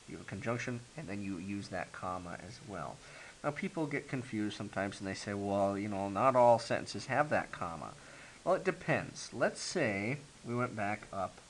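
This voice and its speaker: A man's voice: on the low side, fairly bright tone, rough recording. A man teaching a grammar lesson, explaining step by step with frequent ums and okays. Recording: faint hiss.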